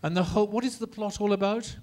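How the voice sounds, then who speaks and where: A man lecturing a class on opera in a lively, theatrical way, coaxing the students to repeat lines and demonstrating phrases. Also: sits high, fast talker.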